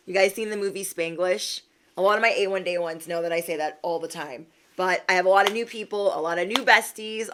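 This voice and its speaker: A woman's voice: on the low side, fairly bright tone. A young woman hosting a spiritual livestream, talking to her viewers in a sassy, slangy way and laughing often. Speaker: spiritual reader and livestream host. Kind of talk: casual livestream pep talk.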